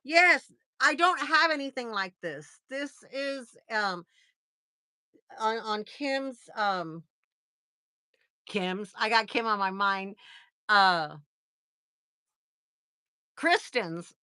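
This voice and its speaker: A woman's voice: fairly high pitch, lively intonation, extremely slow, long pauses, pushed and bright, clean tone, dry recording, studio quality. A woman, chatting casually on a livestream, rambling with lots of fillers and gushing thanks. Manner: gushing and effusive when thanking viewers. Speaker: livestream host.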